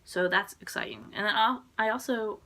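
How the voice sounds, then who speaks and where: A woman's voice: a little high, moderate pace, sharp tone. A young woman vlogging in a casual, rambling chat to her camera, full of fillers and little laughs. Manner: rambling, filler-heavy, giggly. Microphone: phone or camera propped on a suitcase.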